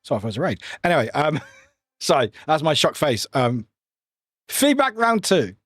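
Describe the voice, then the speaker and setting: A man's voice: mid-range voice, lively intonation, fairly quick, husky, dry recording, studio quality. A British man chatting casually with his livestream viewers, rambling and often laughing at himself. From United Kingdom.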